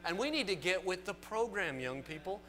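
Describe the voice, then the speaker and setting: Animated Southern preacher, bright voice. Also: male voice, sits high, moderate pace. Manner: animated, rising to emphatic peaks, folksy asides. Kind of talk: sermon. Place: church sanctuary.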